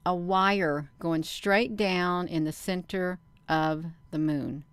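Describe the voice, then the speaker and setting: A woman's voice: fairly low pitch, slow pace, smooth, no room sound. A woman hosting her channel, giving casual commentary over camera footage, talking straight to her viewers and pressing her points with emphatic bursts. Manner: animated, repeatedly addresses viewers as "you all". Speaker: channel host.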